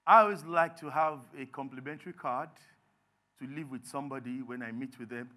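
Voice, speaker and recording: A Nigerian man preaching a sermon as pastor, animated and acting out little scenes. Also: medium pitch, fairly quick. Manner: animated, acts out little scenes in others' voices. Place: church.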